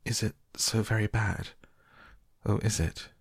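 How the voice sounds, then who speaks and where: Male narrator's frightened young mother, high and pleading, storybook reading. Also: unhurried, vocal fry, husky, no echo, clean studio sound, exaggerated voice. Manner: breathless, pleading, panicky.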